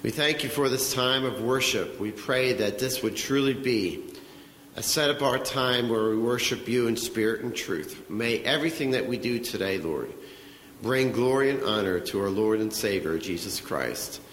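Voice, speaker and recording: A man leading a slow, earnest prayer during a church service. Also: mid-range voice, fairly bright tone, slight background noise. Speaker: pastor. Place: church sanctuary. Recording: echoey hall with faint ambience.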